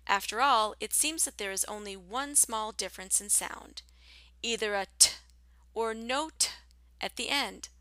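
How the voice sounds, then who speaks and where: A woman teaching a scripted English pronunciation lesson, speaking slowly and carefully with clear enunciation and a soft, partly whispered delivery. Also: on the high side, dry recording.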